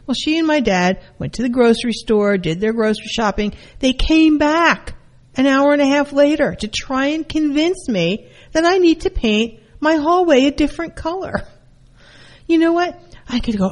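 A middle-aged woman giving an informal lesson on counseling, telling personal stories in a lively way. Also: on the high side, normal speed. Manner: animated, acts out her mother's voice. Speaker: counselor teaching a class.

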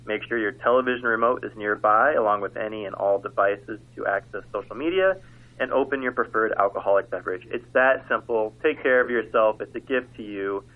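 Man with a dry, deadpan book pitch. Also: brisk. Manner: dry, tongue-in-cheek delivery like an infomercial. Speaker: book recommender on a radio segment. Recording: phone-like radio audio.

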